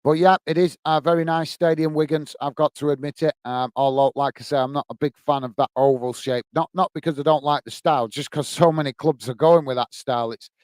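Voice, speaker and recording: A man's voice: fairly high pitch, fairly even intonation, fairly quick, hardly any pauses, a little mellow, no echo. A man hosting a football watch-along stream, chatting casually and reading out viewer comments to answer them. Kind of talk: live-stream casual chat.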